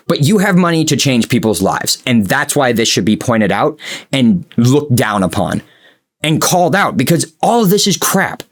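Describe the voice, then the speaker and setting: A young man ranting as a YouTube commentator, sarcastic and exasperated, swinging between loud outbursts and low mutters. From United States.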